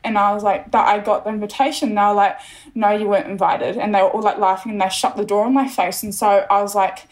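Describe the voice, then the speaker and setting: A woman's voice: mid-range voice, little pitch movement, fast. A bubbly young woman from New Zealand, a podcast guest, chatting casually and laughing often as she tells her story.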